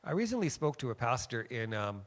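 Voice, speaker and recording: A man from Western Canada gives a sermon in a church, chatty and story-driven. His voice sits at a mid pitch, and he lifts it with energy when he acts out other people's lines. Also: brisk. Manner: conversational, animated when quoting others, frequent "okay?". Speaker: guest preacher. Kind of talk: sermon with personal stories. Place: church sanctuary.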